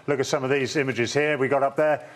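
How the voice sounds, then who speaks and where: A man's voice: mid-range voice, fairly even intonation, fast. A man presenting a rugby TV show, introducing it and teasing his guest with questions. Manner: jokey, teasing interviewer. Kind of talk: broadcast hosting and interviewing. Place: TV studio.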